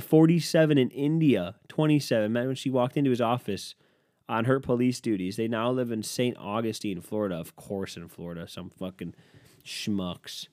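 A man's voice: mid-range voice, a little mellow, no room sound, clean studio sound. A man, hosting a solo podcast and ranting sarcastically, swearing often as he reacts to headlines. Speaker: podcast host. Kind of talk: profane solo podcast rant.

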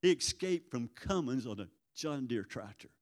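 A man's voice: medium pitch, expressive, normal speed. Older man preaching, folksy storyteller, church reverb trailing his words. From Arkansas. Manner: folksy storytelling, acts out voices in quotes. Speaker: prison ministry guest speaker. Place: church sanctuary.

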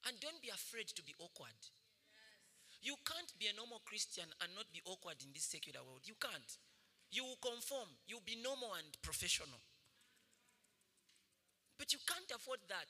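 High, lively pastor preaching. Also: male voice, brisk, pauses often. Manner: animated storytelling, laughing often. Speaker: senior pastor. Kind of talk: sermon. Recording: echoey hall reverb.

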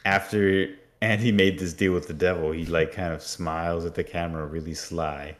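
A man co-hosting a podcast, retelling a TV episode in a lively, joking way. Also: low-pitched, normal speed. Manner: animated retelling with mock voices. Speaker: podcast co-host. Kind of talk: casual recap chat.

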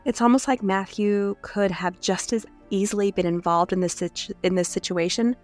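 A woman's voice: mid-range voice, steady tone, moderate pace, a little mellow, soft background music. A woman co-hosting a true crime podcast, narrating in an earnest, openly moved way. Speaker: podcast co-host.

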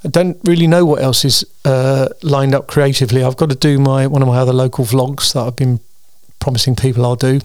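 A man's voice: medium pitch, steady tone, a little fast, few pauses, a little mellow, smooth, dry recording, clean studio sound. A tired man hosting his weekly solo show, chatting in a meandering way with frequent ums and restarts. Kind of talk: casual rambling monologue.

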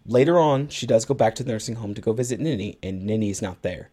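Male podcast co-host with a lowish voice, retelling a movie in easy chat. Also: expressive, fast talker, mellow. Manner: retells a film plot at length, acting out lines of dialogue. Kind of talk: casual movie recap chat.

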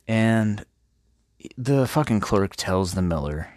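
A man's voice: low-pitched, unhurried, no echo, clean studio sound. A man hosting an irreverent, profanity-heavy comedic retelling of a classic tale. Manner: profane, irreverent, laid-back. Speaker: host.

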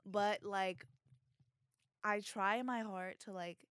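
A woman's voice: mid-range voice, steady tone, slow pace, fairly bright tone, clean tone, no echo, clean studio sound. A young woman co-hosting a podcast, telling a work story in casual, profane chat and laughing often. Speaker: podcast co-host.

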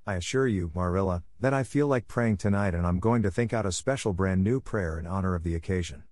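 A man's voice: sits low, brisk, a little mellow, no room sound, natural voice. A man voicing an eager, chatty, imaginative young girl who gushes and pleads breathlessly. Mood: gushing.

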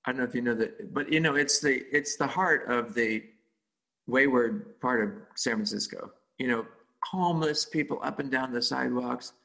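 A man telling a casual story about volunteer cooking, halting and full of fillers and self-corrections. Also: mid-range voice, gravelly, pushed and bright, poor audio. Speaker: volunteer cook.

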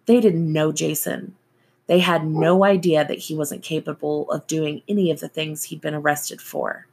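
A woman narrating a novel as an audiobook reader, in a slow, even storytelling manner. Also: sits low, creaky, breathy edge.

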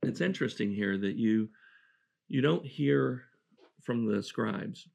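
A man's voice: mid-range voice, slow, vocal fry, a little mellow. A man preaching a verse-by-verse Bible sermon, earnest and reflective, often restarting his phrases.

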